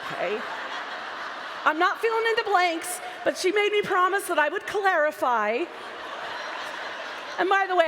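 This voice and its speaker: Speaking into a stage mic before a large convention audience, a woman with a voice that sits high gives a playful, chatty live talk. Background noise and reverb from the live hall come through in the recording.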